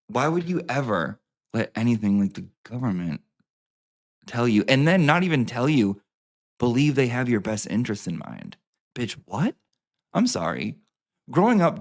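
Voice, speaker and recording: A man ranting to his viewers, sarcastic and full of swearing, repeating lines for emphasis. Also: fairly low pitch. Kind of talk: profane sarcastic rant to camera.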